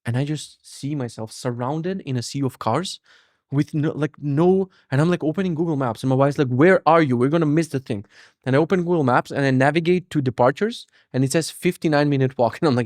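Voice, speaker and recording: A man in his thirties hosting a podcast, telling a story as a casual rant, animated, cursing freely and mocking himself. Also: on the high side, a little fast, no echo, studio quality. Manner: animated, profane, self-mocking. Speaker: podcast host.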